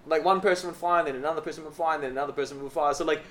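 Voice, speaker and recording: This young co-host, whose voice is on the high side, talks rapid-fire as he spins rambling, profane stories in casual podcast banter. He lives in a southern Chinese city and keeps the storytelling animated.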